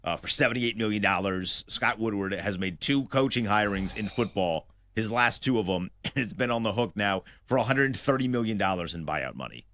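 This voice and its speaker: A man's voice: on the low side, lively intonation, moderate pace, hardly any pauses, pushed and bright, no room sound. A man on a sports talk panel, telling the story bluntly and brashly. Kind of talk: casual sports chat.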